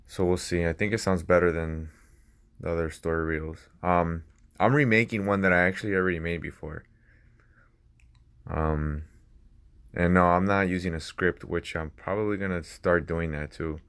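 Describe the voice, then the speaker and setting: Deep voiced guy rambling into a little mic, casual, cusses a lot. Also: fairly even intonation, moderate pace, a bit bright, clean tone. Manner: rambling, laughs often, swears casually. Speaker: vlogger. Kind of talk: unscripted casual talk. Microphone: small personal mic.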